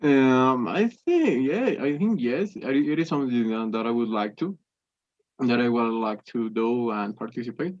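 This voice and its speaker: A man's voice: medium pitch, moderate pace, darkish tone, dry recording, dull audio. Hesitant Spanish-speaking young man. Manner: hesitant, many restarts and fillers. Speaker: English student. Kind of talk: conversation practice.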